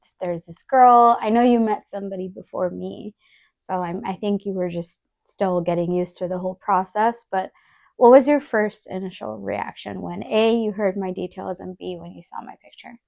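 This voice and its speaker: A woman's voice: medium pitch, moderate pace, vocal fry, a little mellow. A young woman chatting casually as a podcast co-host, curious and asking probing questions. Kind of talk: casual conversation.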